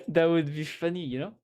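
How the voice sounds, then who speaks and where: A man's voice: mid-range voice, a little mellow. A man with a French accent chatting casually and joking while he codes on a live stream. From France. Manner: joking, musing aloud, full of restarts.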